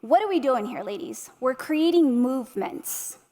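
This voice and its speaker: Woman in her 30s, motivational keynote, animated storyteller, slightly high voice, reverberant hall. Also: moderate pace. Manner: animated storyteller, addresses audience directly with tag questions. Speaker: keynote speaker. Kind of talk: motivational speech. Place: large hall at an arts center.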